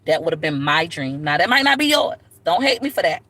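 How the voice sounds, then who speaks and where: A woman telling stories to camera in a blunt, animated way, often calling viewers "baby". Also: deep voice, brisk. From Florida, USA. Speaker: vlogger. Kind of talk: casual storytelling to camera.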